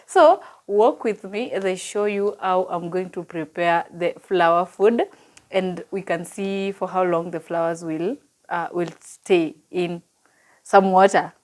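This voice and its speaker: A woman speaking in a personal vlog, earnest and heartfelt, sometimes dropping to a hush and sometimes chatty and upbeat with her viewers. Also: lowish voice, fairly even intonation, a little slow, slight background noise, low-quality recording. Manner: heartfelt and earnest, with soft, hushed stretches. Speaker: vlogger and nutrition coach. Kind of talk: personal vlog talk to camera.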